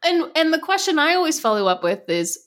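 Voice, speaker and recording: A woman's voice: high voice, a little fast. Chatty young woman telling stories. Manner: lively storyteller, acts out quoted voices. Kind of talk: casual chat.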